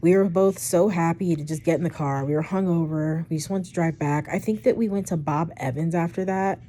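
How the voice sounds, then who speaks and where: A young woman casually retelling a personal story for her vlog, chatty and rambling, with frequent swearing and animated asides. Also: fairly low pitch, brisk, slight background noise. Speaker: storytime vlogger.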